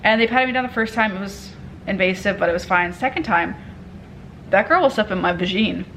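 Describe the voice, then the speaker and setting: A young woman telling a story in a casual vlog, candid and animated, swearing freely and acting out what people said. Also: mid-range voice, a little fast, a little hiss or hum, low-quality recording. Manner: candid, animated retelling with profanity and quoted dialogue. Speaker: vlogger.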